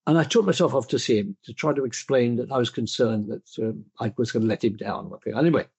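A man's voice: medium pitch, fairly quick, a little mellow, breathy edge. An older man, an interview guest, reflecting on his career in a thoughtful, self-deprecating way, often restarting his sentences. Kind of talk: reflective conversational storytelling.

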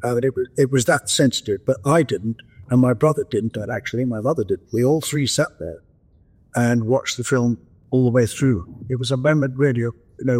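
An older man speaks at a moderate, even pitch, telling stories from his past. His delivery is gentle and anecdotal, with small restarts as he gathers his thoughts. He is talking from his home in the countryside over a video call. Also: a little fast, slightly rough. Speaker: interview guest. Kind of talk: reflective storytelling.

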